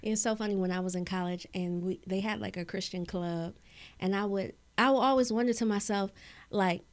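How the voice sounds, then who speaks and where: A woman's voice: medium pitch, brisk, no echo. A young woman from Maryland, a public speaking coach, telling her story in a casual interview with careful, articulate diction. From Maryland, USA.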